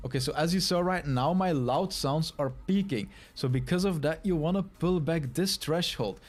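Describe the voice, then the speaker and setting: A man with a fairly high voice and lively intonation presents a streaming tutorial at normal speed, with faint music in the background. He walks step by step through audio settings on screen, demonstrating by talking softly and then shouting.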